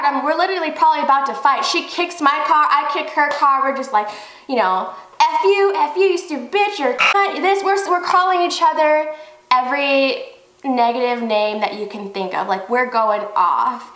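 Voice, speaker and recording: A young woman vlogger telling a story in a casual, animated way, swearing freely. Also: sits high, moderate pace, reverberant, poor audio. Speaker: beauty vlogger.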